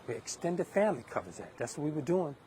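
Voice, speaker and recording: A man's voice: a little high, big pitch swings, fast, mellow, a little hiss or hum. A middle-aged man from Long Island, hosting a live political monologue in an emphatic, preachy way with many restarts. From Hempstead, Long Island, New York. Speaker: livestream host.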